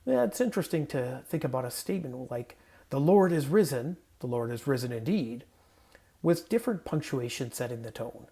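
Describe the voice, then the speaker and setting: A man's voice: a little high, warm tone. A man, a pastor, reading scripture and then giving a casual, conversational sermon in a playful manner with self-corrections, recorded in a home guest room.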